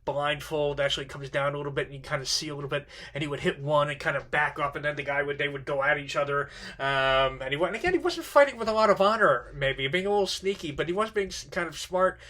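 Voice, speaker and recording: A man teaching literature in an informal lecture, halting with many fillers and restarts. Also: fairly high pitch, pushed and bright.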